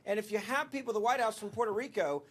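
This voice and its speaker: Pushy guy on a news panel, high voice, keeps interrupting. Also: animated, fast talker, a bit bright, breathy edge. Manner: insistent, interrupts, talks over others. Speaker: panel commentator. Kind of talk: cable news panel debate.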